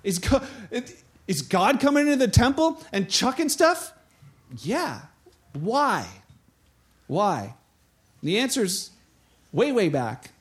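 High-voiced man preaching a lively sermon. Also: slow, long pauses. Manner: animated storytelling, acts out voices of people in the scripture. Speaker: pastor.

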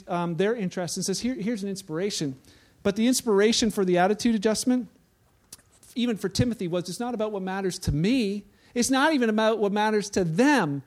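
A man preaching a sermon in a relaxed, conversational way, telling anecdotes and often restarting his sentences. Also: high voice. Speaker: pastor.

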